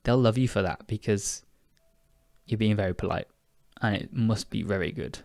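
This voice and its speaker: A man's voice: fairly low pitch, normal speed, creaky, a little mellow, no echo, clean studio sound. Chatty British man teaching English. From United Kingdom. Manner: chatty, self-correcting, laughs at himself. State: tired. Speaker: podcast host and English teacher. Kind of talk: casual podcast lesson.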